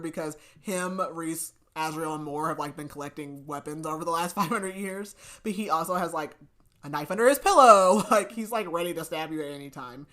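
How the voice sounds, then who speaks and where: A woman's voice: lowish voice, a little fast, a bit bright. A woman hosting a podcast, chattily recapping a novel with frequent laughs and fillers. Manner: chatty, giggly, lots of "like". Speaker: podcast host. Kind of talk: casual book recap.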